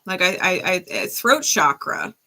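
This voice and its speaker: A woman's voice: lowish voice, big pitch swings, slow pace, bright, forceful tone. A woman giving a live-stream tarot reading in a casual, chatty way, often asking "right?" and laughing often. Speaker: tarot reader.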